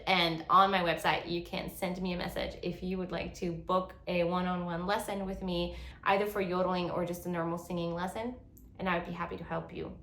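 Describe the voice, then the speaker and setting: A woman's voice: on the low side, a bit bright. A woman giving an online yodeling lesson who explains step by step and stops to demonstrate. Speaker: yodeling teacher. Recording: roomy echo.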